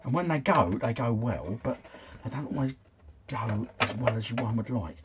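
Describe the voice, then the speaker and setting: A man's voice: medium pitch, moderate pace, lo-fi sound, noisy background. A man hosting a casual quiz livestream from home, chatting, chuckling and answering comments from his viewers.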